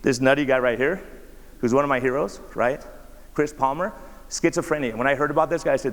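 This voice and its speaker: A man gives a slide talk to an audience in a lecture hall, his voice ringing with a long reverb. His pitch is middling for a man. He keeps it conversational, peppering the talk with rhetorical questions. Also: fast. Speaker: doctor giving a talk. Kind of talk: conference presentation with slides.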